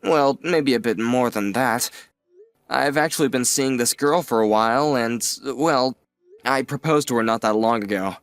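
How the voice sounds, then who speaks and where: Actor as an earnest young man in his twenties, average pitch, sincere and grateful. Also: normal speed, no echo, close to an everyday voice. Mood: nervous. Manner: sincere, gently teasing. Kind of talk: audio drama acting.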